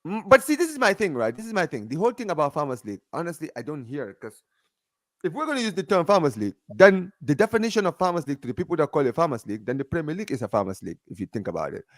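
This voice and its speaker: A man's voice: fairly high pitch, very animated, very fast, dry recording, clean studio sound. A man arguing about football on a casual live stream, emphatic and insistent, often repeating himself. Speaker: football fan panelist.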